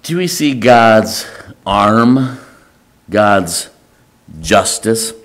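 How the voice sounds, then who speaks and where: A man as pastor, preaching a conversational sermon in a church, often restarting and halting over his words. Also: fairly low pitch, animated, fairly bright tone. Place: church sanctuary.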